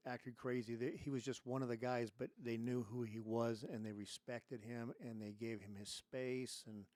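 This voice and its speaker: A man's voice: medium pitch, level tone, normal speed, a little mellow, no echo. Podcast host guy, mid voice, dry mic, just chiming in. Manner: chiming in with short agreement. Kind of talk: casual interview chat.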